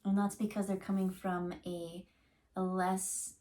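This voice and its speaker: A woman's voice: medium pitch, flat delivery, a little slow, mellow. A woman giving a casual tarot reading, talking in a chatty, rambling way full of fillers and restarts. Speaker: tarot reader.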